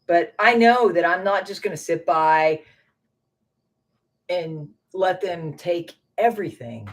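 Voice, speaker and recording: A woman's voice: on the low side, lively intonation, takes it slowly. Middle-aged woman venting on a home livestream. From Maine, US. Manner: frustrated and swearing, talks straight to chat. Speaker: livestream host. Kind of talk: casual livestream chat with viewers.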